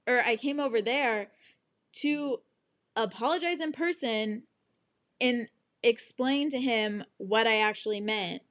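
A young woman telling a story in a casual monologue, exasperated and swearing freely as she acts out what was said. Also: a little high.

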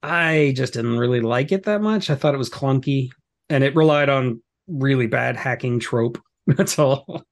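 A man's voice: mid-range voice, normal speed. Man, podcast co-host, casual chat, easygoing, chuckling.

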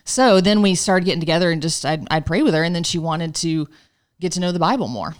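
A woman with a somewhat low voice tells a story in a relaxed conversation. She gets animated as she goes and acts out a friend's halting, amazed speech. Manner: animated storyteller, mimics a friend's broken English. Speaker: guest missionary. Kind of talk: casual conversation.

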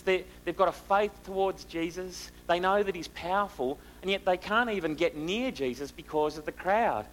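A man preaching a sermon, asking the listeners rhetorical questions and moving between loud and hushed delivery. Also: a little high, a little hiss or hum, poor audio.

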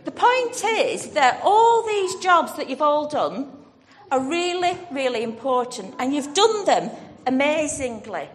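A woman's voice: high-pitched, very animated, a little slow, slight background noise. A woman leading an all-age church talk, encouraging children and calling them by name. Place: church hall. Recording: reverberant church hall, faint music.

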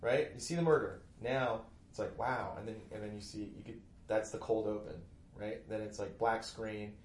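Animated man telling stories in an echoey room. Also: fairly low pitch, normal speed. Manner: animated storyteller, loud put-on family voices. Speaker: podcast guest, comedy writer. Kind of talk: casual chat. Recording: echoey room, faint noise.

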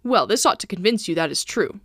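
A loyal, cool-headed male servant who reasons and coaxes with wry calm, as a woman reads him. The voice rises and falls in lively sweeps and sounds dry and close. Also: mid-range voice, brisk, husky, dry recording. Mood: knowing.

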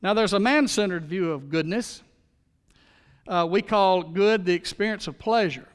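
A man's voice: sits high, normal speed, clean tone, in a large hall. A man preaching a sermon as pastor, in a folksy, storytelling manner.

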